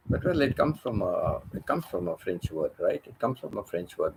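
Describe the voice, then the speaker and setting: A man's voice: lowish voice, animated, moderate pace, background noise. A man chatting casually as a channel host, repeating phrases and restarting his sentences. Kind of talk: casual rambling chat. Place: living in Thailand.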